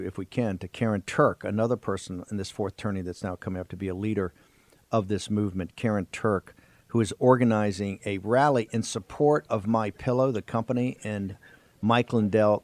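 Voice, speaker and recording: Low-voiced, emphatic talk radio host. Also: male voice, fairly even intonation, brisk, a little mellow, no echo. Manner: emphatic, sweeping oratory. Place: studio.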